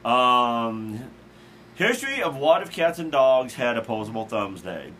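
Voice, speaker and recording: A male talk show host with a mid-range, sing-song voice and a fairly bright tone rambles unhurriedly through the day's holidays in casual chat, adding asides and fillers. There is slight background noise.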